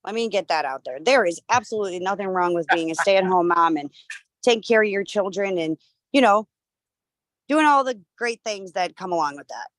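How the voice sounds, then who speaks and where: A woman's voice: lowish voice, lively intonation, no echo. Reflective woman sharing on a call. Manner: reflective, hesitant with pauses and fillers. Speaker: participant.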